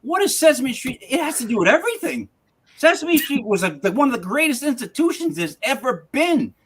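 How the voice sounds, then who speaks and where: A man's voice: extremely high pitch, very animated, brisk, a bit bright, slightly rough. A man co-hosting a live paranormal news show, chatting casually and wandering off on jokey tangents. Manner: rambling, goes off on tangents, jokey. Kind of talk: casual chat.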